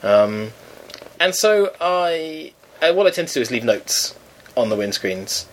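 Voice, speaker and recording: Animated man telling a comic story. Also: on the high side, unhurried. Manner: animated, acts out other people's lines in a raised voice. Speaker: storyteller in a chat. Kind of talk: casual comic anecdote.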